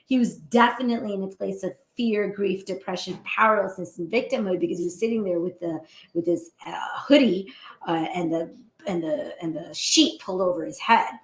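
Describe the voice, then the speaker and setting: A woman physician hosting a show, giving a casual motivational talk in a lively, chatty way and laughing often. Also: mid-range voice, brisk. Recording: roomy echo.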